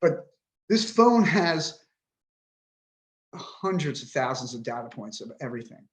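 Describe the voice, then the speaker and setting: A man's voice: on the high side, very animated, unhurried. A man in his fifties, a podcast guest, talking with frustration and swearing bluntly as he vents. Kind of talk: emotional interview talk.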